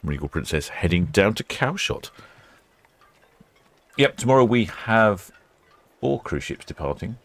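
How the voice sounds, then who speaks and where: A man's voice: fairly low pitch, big pitch swings, measured pace, pauses often. A man hosting a ship-watching livestream, talking casually in a chatty, rambling way with many fillers. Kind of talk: casual live commentary.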